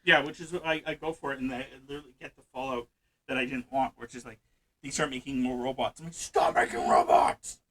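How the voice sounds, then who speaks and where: A man hosting a casual let's-play chat about a strategy game, hyper, loud and fast-talking. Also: medium pitch, steady tone, poor audio. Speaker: gaming channel host. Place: hot room at home.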